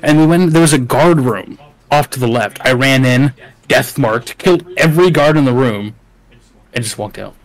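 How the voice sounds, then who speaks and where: A man chatting loosely with friends while streaming a game, loud and profane. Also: mid-range voice, normal speed, rough recording. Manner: loud, swears, laughs a lot. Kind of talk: casual gaming chat.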